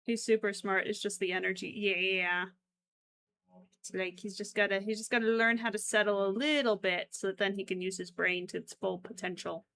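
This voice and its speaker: A woman's voice: mid-range voice, fairly even intonation, moderate pace, fairly bright tone, slight background noise. A young woman chatting casually with her stream while crocheting, giggly and given to frequent exclamations.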